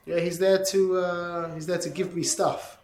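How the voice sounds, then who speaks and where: Male teacher, animated informal lesson, slightly raised pitch, roomy echo. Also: measured pace, slight background noise. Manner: animated, many restarts and rhetorical questions. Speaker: Torah teacher. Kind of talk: informal Torah class.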